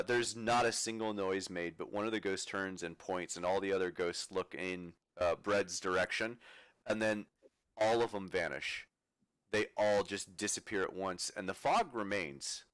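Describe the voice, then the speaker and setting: A man's voice: low-pitched, steady tone, measured pace, fairly bright tone, smooth, no room sound. A man running a tabletop game as game master, laughing often and talking with many fillers and restarts.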